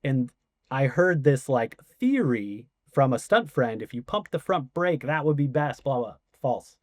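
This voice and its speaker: A man guest on a podcast, casually telling a story, animated and swearing, acting out quoted voices. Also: mid-range voice, unhurried, no echo, clean studio sound.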